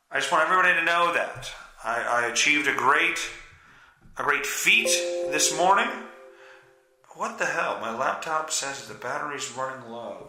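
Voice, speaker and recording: A man's voice: mid-range voice, pushed and bright, reverberant, low-quality recording. A man with a stuffy nose hosting a solo podcast, rambling, swearing and mocking himself. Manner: rambling, profane, self-mocking. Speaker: podcast host.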